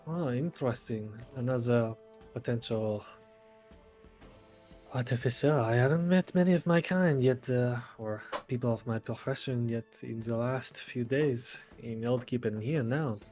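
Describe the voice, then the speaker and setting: Man doing a smooth-talking artificer with a put-on French accent, theatrical, for a tabletop game. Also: mid-range voice, unhurried, a little mellow, faint music behind, natural voice. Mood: intrigued. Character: charming male artificer with mechanical arms. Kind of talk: tabletop role-play in character.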